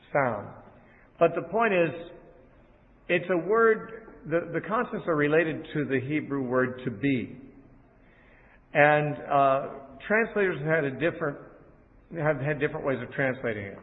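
A man teaching a sermon, paraphrasing scripture in a conversational way with fillers and restarts. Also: medium pitch. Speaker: Bible teacher. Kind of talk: expository sermon. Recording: tinny phone-like sound with long reverb.

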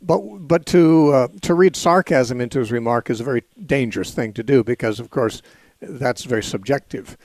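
A man hosting a call-in radio program, explaining scripture at an unhurried, measured pace. He pauses often with small fillers. His voice is close and dry, with no room sound, from a studio microphone. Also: medium pitch, a little mellow, no echo. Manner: measured, explanatory, with frequent "uh" and "you know". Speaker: radio call-in show host. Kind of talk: call-in radio Bible answers.

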